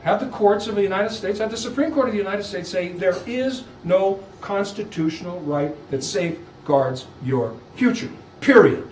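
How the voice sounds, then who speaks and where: A man's voice: high-pitched, a little hiss or hum. A man giving a lunchtime law lecture, emphatic and full of rhetorical questions. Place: lecture room. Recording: echoey room, far from mic.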